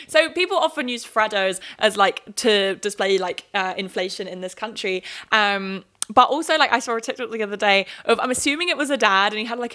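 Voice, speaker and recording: Twenties woman host, bright tone, animated rants, casual filler-heavy talk. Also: a little high. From England. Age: 20s. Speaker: podcast host. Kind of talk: casual monologue.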